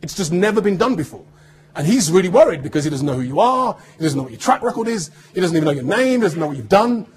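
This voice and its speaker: A man's voice: sits high, sing-song, fast, husky, heavily acted. A man quoting an eager male TV producer. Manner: eager, persuasive, repeats himself. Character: enthusiastic male TV producer on the phone.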